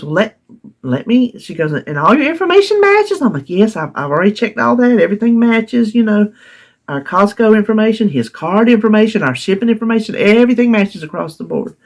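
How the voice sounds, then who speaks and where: A middle-aged woman, telling a story to her vlog audience in a chatty way and laughing often. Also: mid-range voice. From North Carolina, US. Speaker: vlogger. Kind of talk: casual storytelling.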